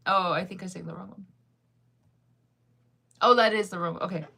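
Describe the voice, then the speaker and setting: A woman's voice: on the low side, steady tone, moderate pace, vocal fry, long pauses, bright, forceful tone, slightly rough. A young woman chatting casually with her viewers while she reads comments, laughing often. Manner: chatty, laughs often, sings snippets off-key. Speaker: livestreamer reading comments.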